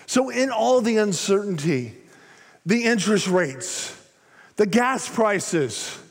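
Older man, pastor, high voice, preaching sermon, big loud then hushed delivery, long hall reverb. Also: big pitch swings, slow pace, vocal fry. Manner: dramatic swings between loud emphasis and hushed low phrases. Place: large church sanctuary.

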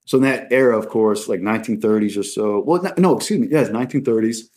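A man with a lowish, darkish voice talks fast as a podcast guest in a casual chat. He rambles and jokes, now and then slipping into mock voices.

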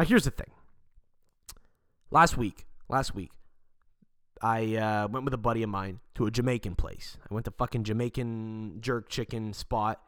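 A podcast host from Montreal, Canada, tells a rambling, profane story during casual chat. His voice is mid-range and a bit bright.

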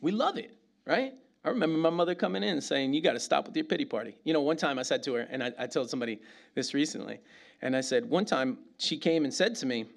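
Animated preacher man from New York. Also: on the high side, gravelly. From New York City. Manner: animated, conversational preaching with slang and asides. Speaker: pastor. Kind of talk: sermon.

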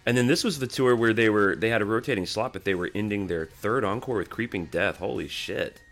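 A man's voice: lowish voice, fairly quick, fairly bright tone. A man hosting a casual podcast interview, reading off details and making dry remarks. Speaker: podcast host.

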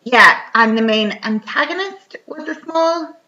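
An Irish woman with a bright, forward voice rambles through a movie plot in casual podcast chat, full of fillers. The recording is dull and lo-fi. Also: sits high, lively intonation, unhurried.

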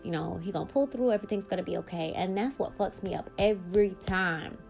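A woman hosting her own podcast, telling a personal story in a blunt, animated way and swearing freely. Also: mid-range voice, fast talker, vocal fry, faint music behind. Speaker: podcast host.

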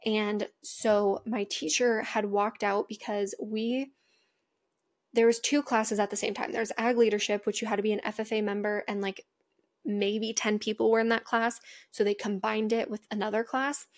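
A young adult woman hosts a podcast, telling a personal story in a chatty manner full of asides like "like" and "mind you". Her voice is mid-range, with little pitch movement and a moderate pace.

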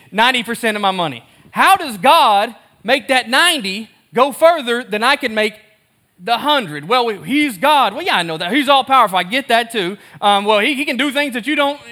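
Casual male preacher, bright and high-pitched, chatty sermon delivery with self-deprecating humor. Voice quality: lively storytelling, acts out both sides of conversations. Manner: casual and conversational, laughs at himself. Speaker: pastor.

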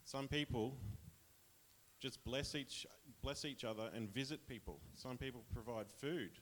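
A man's voice: medium pitch, measured pace, a bit bright. An Australian man casually sharing a personal testimony with his church, chatty and rambling, often laughing.

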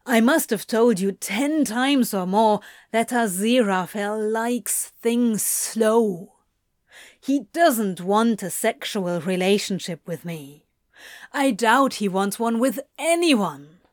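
A woman reading aloud and voicing a worn-out, anguished male demon who curses and speaks louder and rawer than her narration. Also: a little high, animated, slow, no room sound, clean studio sound. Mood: exasperated. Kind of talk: audiobook reading of fan fiction.

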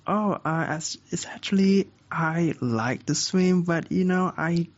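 A man voicing a chatty, eager cat in a storytelling example, rambling and halting. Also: a little high, lo-fi sound, voice pushed up.

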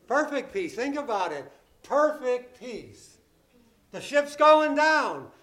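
A man's voice: very high-pitched, very animated, slow pace, a bit bright. A man preaching a sermon, emphatic and repetitive, asking the congregation questions and acting out the disciples' frightened pleas. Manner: emphatic, repeats key phrases, asks the congregation questions; acts out the disciples' panicked pleas in a raised voice.

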